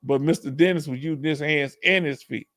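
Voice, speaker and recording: A man from Houston with a Texas accent, hosting a casual livestream Q&A through a headset, animated and laughing often with folksy slang. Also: on the high side, fairly quick. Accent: Southern US, Texas. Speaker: livestream host reading chat.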